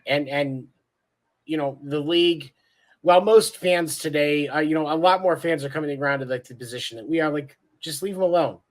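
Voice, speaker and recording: A man with a slightly high voice talks sports in a blunt, casual way. He swears freely and cracks jokes as he makes his points. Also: brisk. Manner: blunt, profane, joking. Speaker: podcast co-host.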